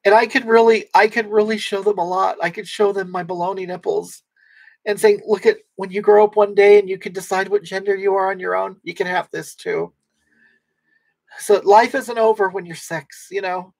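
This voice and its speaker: High-pitched and breathy with fairly level intonation, the voice belongs to a man playing a vulgar, brash middle-aged woman hosting a comic stream. Reading comments from chat, she rambles, stumbles into restarts, and takes offense at almost anything.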